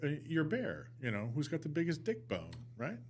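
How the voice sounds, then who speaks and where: A man's voice: a little high, huge pitch swings, a little mellow, slight background noise. A man hosting a podcast, asking questions in a casual, jokey way. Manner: jokey, quick with puns. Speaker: podcast host. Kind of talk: casual interview chat.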